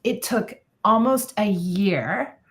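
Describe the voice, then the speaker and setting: A woman's voice: mid-range voice, expressive, slow. A woman parenting coach explaining her approach in an emphatic, firm advice conversation.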